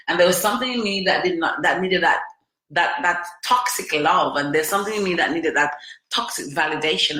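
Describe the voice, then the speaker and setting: A woman's voice: fairly low pitch, sharp tone, reverberant. A woman hosting a podcast, telling a personal story in an emotional, emphatic way, with lots of repetition. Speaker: podcast host.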